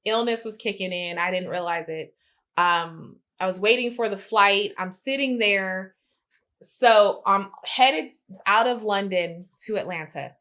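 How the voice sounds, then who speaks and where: A woman's voice: mid-range voice, measured pace. A woman co-hosting a travel podcast, telling a story in casual chat and acting out the people in it. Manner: animated storyteller, acts out quotes with big swings. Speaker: podcast co-host.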